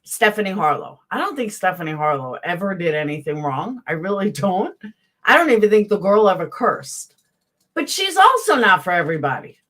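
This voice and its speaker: A woman's voice: mid-range voice, very animated, moderate pace, fairly bright tone. A woman with a Southern accent giving a blunt, profane, heated commentary rant as a YouTube host, talking to her live chat. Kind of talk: casual ranting commentary.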